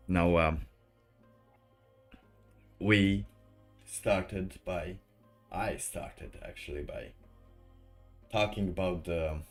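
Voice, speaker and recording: A male streamer talks through his commentary in a low, deep voice. He takes his time, circling back and restarting as his thoughts wander. A faint bed of music hums underneath. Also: fairly even intonation, drawn-out words, pauses often. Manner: rambling, loosely strung thoughts. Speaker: livestream host. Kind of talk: livestream commentary.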